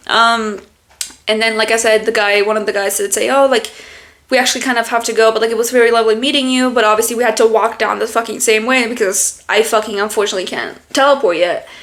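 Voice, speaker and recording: A woman's voice: fairly high pitch, a bit bright. Rambling young woman telling a story. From Germany. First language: German. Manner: rambling, full of fillers and swearing. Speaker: podcast host. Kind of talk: casual storytelling.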